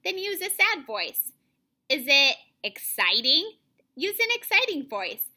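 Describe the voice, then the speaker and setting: A young woman teacher giving an online reading lesson to children, modeling phrasing clearly and deliberately. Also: sits high, sing-song, bright, forceful tone.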